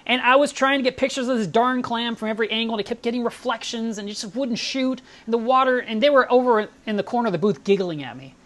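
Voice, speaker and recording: A woman's voice: on the high side, quick pace, few pauses. A woman hosting a live stream, chatting casually and telling stories with enthusiasm.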